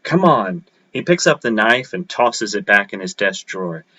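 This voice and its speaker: Low, bright-toned man reading fiction aloud. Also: lively intonation, moderate pace, no echo. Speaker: open mic poet. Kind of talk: reading his own short fiction aloud. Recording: dull lo-fi livestream audio.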